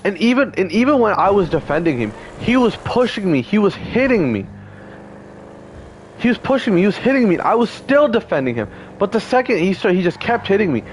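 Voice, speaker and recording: Young man in his 20s, upset and heated, swears a lot, voice a bit high and swinging widely, faint traffic behind. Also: very animated, brisk, rough recording. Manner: heated, profane, repetitive fillers. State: upset, close to tears. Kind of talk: emotional personal storytelling.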